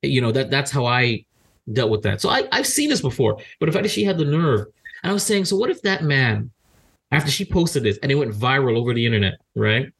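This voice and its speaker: A man hosting a podcast, talking in a casual, animated way, often repeating his words and acting out what others said. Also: medium pitch, a little fast, creaky, husky. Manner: animated, repeats words, acts out quoted speech. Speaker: podcast host.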